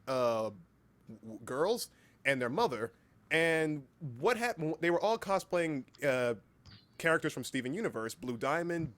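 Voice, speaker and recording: A young man with a slightly high voice tells a story on a casual livestream. He gets excitable, swears now and then, and keeps breaking off and restarting his sentences. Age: young adult. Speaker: streamer and voice actor.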